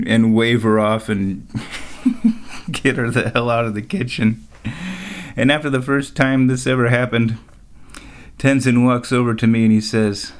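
A man's voice: medium pitch, steady tone, measured pace. A middle-aged man talking in a rambling, casual monologue, often laughing at his own stories and tossing in sarcastic asides. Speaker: vlogger.

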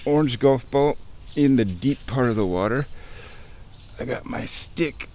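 A man giving casual running commentary to himself while wading through a muddy creek outdoors, chatty, with sudden excited bursts. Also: mid-range voice, measured pace, pauses often, a little hiss or hum. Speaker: outdoor vlogger. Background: birds chirping.

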